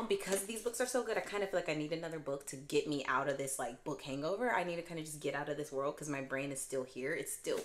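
Low-voiced woman gushing about books. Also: a little hiss or hum. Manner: gushing, expressive, dramatic swings in pitch and volume. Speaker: book vlogger. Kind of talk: casual chat.

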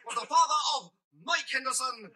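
An actor playing a brisk mock-documentary narrator in a comedy sketch. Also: male voice, extremely high pitch, a loud crowd. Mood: declamatory.

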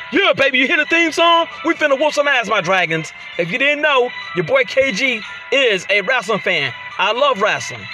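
A man hosting a gaming channel, giving excited let's-play commentary while trash-talking his opponent and yelling out exclamations. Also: high-pitched. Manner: loud trash-talking, frequent shouted exclamations.

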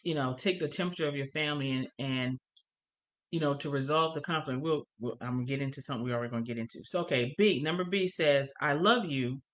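A woman's voice: very deep voice, quick pace. A woman co-teaching a church family course. She reads passages from the course material aloud and then explains them, stressing the key points.

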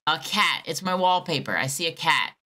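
A woman with a low, bright, forceful voice speaks at normal speed and sounds animated. She's prank-calling a phone scammer, playing dumb while teasing him sarcastically in a mock-naive way.

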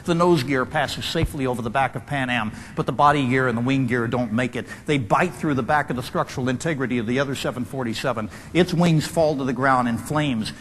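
A man's voice: mid-range voice, fairly bright tone. A man giving a dramatic storytelling lecture to an audience, vividly acting out the voices he quotes. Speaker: speaker. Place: large hall before an audience. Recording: long hall reverb, faint room noise.

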